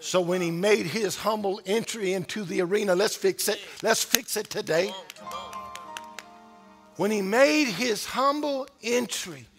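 Male pastor, very high gravelly voice, slow, bright tone; preaches with shouted refrains. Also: soft background music. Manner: preaching with rising, shouted repetition. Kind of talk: sermon.

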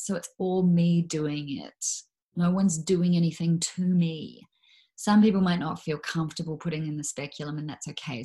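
A woman's voice: sits low, mellow. A young adult woman speaking frankly and reflectively as an interview guest, with many fillers and restarts. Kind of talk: candid conversational interview.

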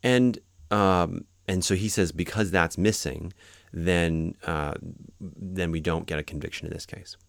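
Low gravelly man explaining law. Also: unhurried, dry recording, studio quality. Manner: conversational, explains step by step with examples. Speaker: podcast host explaining court cases. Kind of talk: informal legal lecture.

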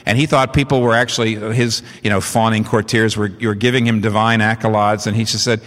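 Preacher with a deep voice in a reverberant hall. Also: male voice, brisk. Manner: animated, rising in pitch for emphasis. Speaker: pastor. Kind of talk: sermon.

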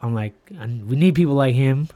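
A man with a warm, mellow voice chats on a podcast. He is laid-back and agreeable, with slang-heavy talk. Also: medium pitch, fairly quick. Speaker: podcast co-host. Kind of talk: casual chat.

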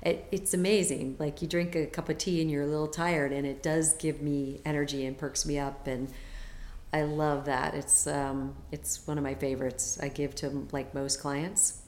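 A woman's voice: sits low, little pitch movement, normal speed, a little mellow, echoey room, slight background noise. A woman guest on a podcast, a health coach talking in a chatty, enthusiastic way with lots of fillers. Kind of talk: casual interview chat.

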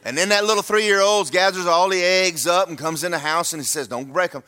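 A man's voice: high-pitched, fairly quick, bright, forceful tone, clean tone. A man, preaching a sermon to his church in a folksy, humorous, emphatic way. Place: church sanctuary.

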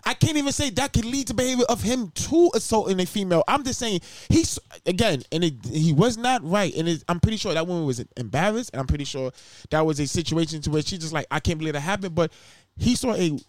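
A man co-hosting a podcast in casual chat, animated and profane, often acting out what other people would say. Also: high-pitched, fairly quick, no room sound. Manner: animated, profane, acts out quotes in other voices. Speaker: podcast co-host.

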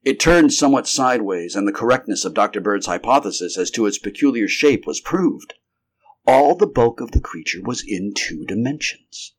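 A man's voice: on the low side, animated, normal speed. A man narrating a 1930s science fiction story in an unrehearsed live reading, now and then restarting a sentence. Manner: occasional restarts mid-sentence. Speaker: amateur audiobook narrator.

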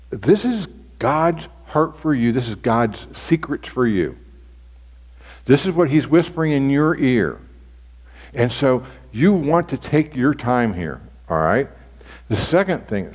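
A man teaching as a pastor in a conversational sermon style, often restarting and repeating his phrases. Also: medium pitch. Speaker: pastor teaching on devotional reading. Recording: long reverb of a large hall.

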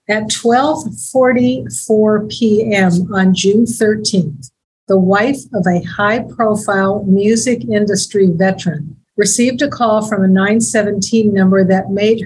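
A woman speaking as a deputy district attorney on a public-service talk segment, measured and grave, slowing down when she reads aloud. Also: mid-range voice, darkish tone, slight background noise, poor audio.

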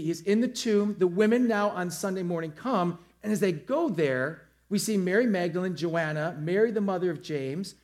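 A man preaching a lively sermon to a church, acting out the story's characters in quick voices. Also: high voice. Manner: animated, acts out scenes in character voices. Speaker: pastor. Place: church auditorium with a screen.

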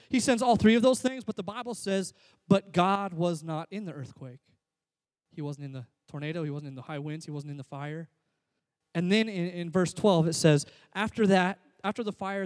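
A pastor preaching a sermon, swinging from loud, emphatic calls to soft, near-whispered passages. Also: male voice, high-pitched, no echo.

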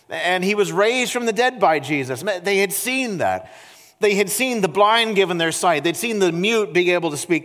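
Male pastor with a fairly high voice, expressive and questioning, in a church with a long reverb. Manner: expressive, rhetorical questions to the congregation. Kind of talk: sermon. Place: church sanctuary.

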